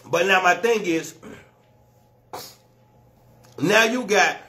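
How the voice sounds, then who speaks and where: A man doing stand-up comedy, telling a story loudly and with lots of slang and swearing, often laughing at his own jokes. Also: high-pitched, slow pace. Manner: profane and slangy.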